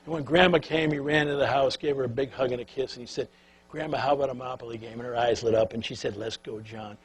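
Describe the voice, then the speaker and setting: An older man giving a talk on leadership, telling a story in a folksy, animated way and sinking to a soft, hushed voice at the tender moments. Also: mid-range voice, fast, slightly rough, low-quality recording. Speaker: speaker on leadership.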